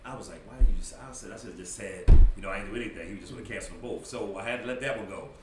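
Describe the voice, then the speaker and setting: A man's voice: fairly low pitch, racing, very noisy. A man on a podcast telling a story in casual talk, acting out what people said and laughing as he goes. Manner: animated storyteller, acts out quotes, laughs as he talks. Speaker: podcast guest. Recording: roomy, slightly distant mic, faint ambience.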